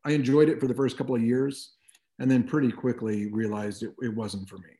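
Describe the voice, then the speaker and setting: A man's voice: mid-range voice, fairly even intonation, fairly quick, dark tone. A middle-aged man talking reflectively as an interview guest, with frequent "you know" asides. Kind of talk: conversational interview.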